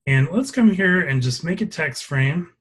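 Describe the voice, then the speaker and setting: A man instructor leading a live class, explaining a software demo step by step and pausing to check for questions. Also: a little high, animated, slightly rough.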